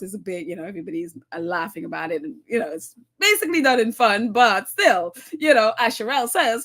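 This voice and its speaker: A woman with a high voice hosts a casual commentary stream, reading out viewer comments. Her pitch swings widely and she breaks into laughter between lines. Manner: animated, laughs often, reads comments aloud. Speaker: commentary channel host.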